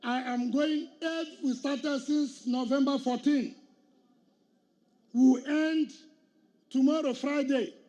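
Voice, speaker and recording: A very high-pitched, mellow male voice holds a steady tone, moving slowly with long pauses. The speaker is a middle-aged state governor with a Nigerian accent, combatively throwing rhetorical questions and challenges at a crowd during an outdoor political speech.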